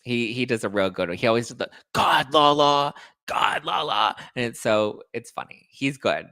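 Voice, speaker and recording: A man hosting a casual chat show, talking in a gossipy, animated way. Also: on the low side, brisk, no room sound, studio quality. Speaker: host.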